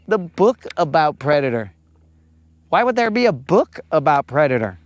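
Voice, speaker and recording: A man's voice: fairly high pitch, sing-song, moderate pace, dry recording. A man hosting a fishing livestream from a lake, bantering with his chat in a playful, teasing, slangy way.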